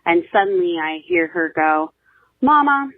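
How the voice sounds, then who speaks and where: A woman's voice: on the low side, sing-song, measured pace, no room sound, narrow, tinny audio. A woman, a listener calling in, telling a funny story about her child in a recorded phone message.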